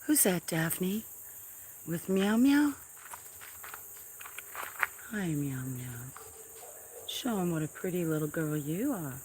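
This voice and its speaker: Slow, low-voiced woman cooing to cats. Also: animated, a little hiss or hum. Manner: coos baby talk to cats; soft-spoken, drifts into whispers. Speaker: farm livestream host. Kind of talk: casual livestream chat. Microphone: camera mic.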